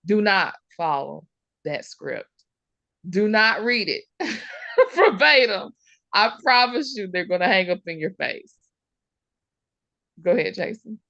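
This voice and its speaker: A woman, teaching surplus funds recovery on a video call, telling stories in a lively, chatty way with folksy comparisons. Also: mid-range voice, slow pace, creaky, long pauses, no echo. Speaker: host, surplus funds mentor. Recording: dull lo-fi video call audio.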